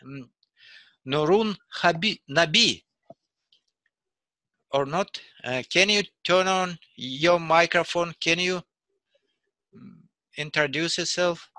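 A man's voice: on the high side, pushed and bright, no room sound. A man hosting an online English practice chat, speaking English as a second language, hesitant with many fillers. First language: not English. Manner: slow, hesitant, many fillers, laughs easily. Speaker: chat host. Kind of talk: casual group voice chat.

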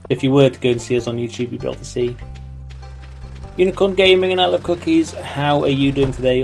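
A man's voice: mid-range voice, fast, gravelly, faint music behind. A man co-hosting a game stream, chatting loosely and greeting viewers. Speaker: co-host of a gaming stream. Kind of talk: casual let's-play chat.

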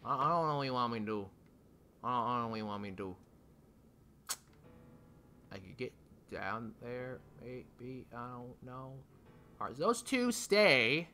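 A man's voice: mid-range voice, expressive, measured pace, long pauses, bright, forceful tone, soft background music. A young man commenting as he plays a video game, talking to the game, swearing and pleading in frustration. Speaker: gaming channel host. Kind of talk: let's play commentary.

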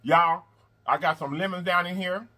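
A man hosting a mukbang eating video in casual chat, animated and repetitive, calling his viewers y'all and honey. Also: sits high, normal speed. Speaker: mukbang host. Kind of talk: casual eating vlog talk.

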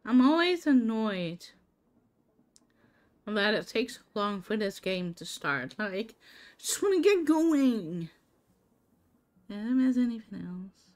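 A woman's voice: mid-range voice, big pitch swings, slow, pauses often. A woman streaming a game, chatting casually with her viewers by name and laughing often. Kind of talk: casual live-stream chat while gaming.

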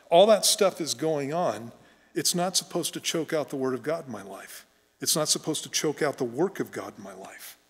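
A middle-aged pastor with a medium-pitched, slightly rough voice preaches a conversational sermon in a church sanctuary. He tells folksy stories, and the recording carries a long church reverb.

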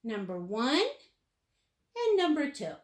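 A woman's voice: on the high side, huge pitch swings, slow pace. A woman teaching a live painting lesson step by step, playful and chatty, with sing-song asides. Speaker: painting instructor.

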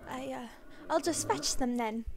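A woman voicing a frightened, fawning gentleman father who stammers and hesitates. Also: sits high, a little slow, creaky, noisy background. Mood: nervous.

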